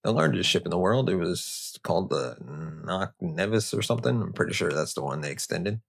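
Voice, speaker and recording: Gravelly man narrating history. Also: low voice, lively intonation, a little fast. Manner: joking, conversational digressions. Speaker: host. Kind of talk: history narration with casual asides.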